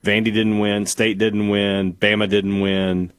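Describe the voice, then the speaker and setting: Man, lowish voice, sports radio co-host, dry close sound, thinks aloud. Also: level tone, measured pace, clear, resonant tone, no echo. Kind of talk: casual sports talk.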